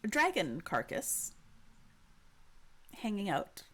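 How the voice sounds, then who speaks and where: A woman's voice: medium pitch, huge pitch swings, slow pace. A woman narrating as game master in a casual, rambling way. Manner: casual, rambling with restarts and fillers.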